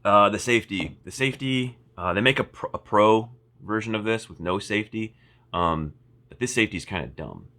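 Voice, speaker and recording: A man's voice: lowish voice, lively intonation, fairly quick, bright, forceful tone. A man giving a casual, rambling product review, full of fillers, restarts and wry asides. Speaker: firearms reviewer.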